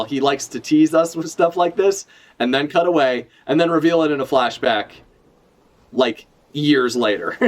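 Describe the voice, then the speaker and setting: A man chatting casually on a live stream as he reacts to a comic chapter, rambling, swearing freely and correcting himself as he goes. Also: on the high side. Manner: rambling, profane, self-correcting.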